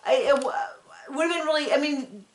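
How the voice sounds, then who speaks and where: A woman's voice: sits high, fairly quick, roomy sound. A woman hosting a casual TV recap, chatting in a sarcastic, filler-heavy way. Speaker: recap show host.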